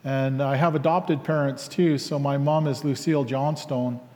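A man telling his personal story in a reflective, halting way with many fillers, acting out both sides of remembered conversations. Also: mid-range voice, steady tone, darkish tone, in a large hall. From Canada. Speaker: speaker sharing his life story.

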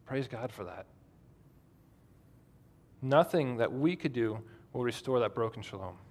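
A man's voice: mid-range voice, animated, a little slow, a little mellow. A man preaching a sermon in a conversational way, asking the congregation questions. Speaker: pastor.

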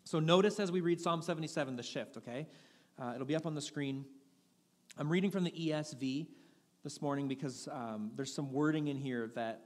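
A man's voice: mid-range voice, long reverb tail. A man preaching a sermon as pastor, in a candid, conversational manner with frequent restarts. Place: church sanctuary.

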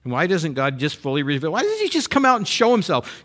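A man's voice: a little high, fast, hardly any pauses. A man preaching a sermon as pastor, talking to the congregation and acting out heartfelt prayers and complaints to God. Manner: expressive, acts out voiced prayers and complaints.

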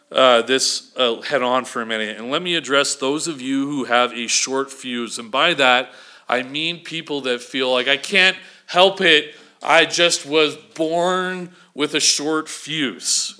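A man's voice: medium pitch, normal speed, pushed and bright. A man preaching a sermon in a conversational way, often checking in with the congregation. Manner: conversational preaching with frequent "okay?" check-ins. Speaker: pastor.

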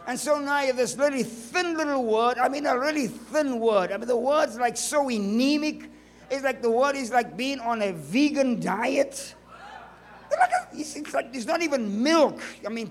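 A male preacher with a notably high-pitched voice delivers a sermon. He is emphatic, drives his points home with strings of rhetorical questions, and slips in joking asides along the way. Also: moderate pace.

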